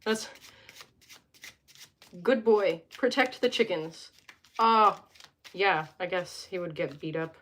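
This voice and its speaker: A woman's voice: lowish voice, slow, pauses often, fairly bright tone. A young woman hosting a casual live stream from home, reading tarot cards and chatting with viewers, joking and wandering off into asides.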